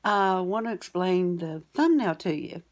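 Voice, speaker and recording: Brief: older woman vlogger, folksy and plain-spoken, with a slightly low voice. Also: lively intonation, unhurried. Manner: plain-spoken, homespun country phrasing. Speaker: storytelling vlogger. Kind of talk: folksy storytelling to camera.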